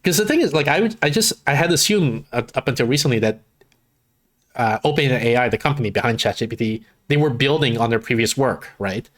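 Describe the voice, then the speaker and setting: A man's voice: mid-range voice, lively intonation, fairly quick. A man hosting a live stream in casual chat, thinking aloud with many false starts. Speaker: streamer host.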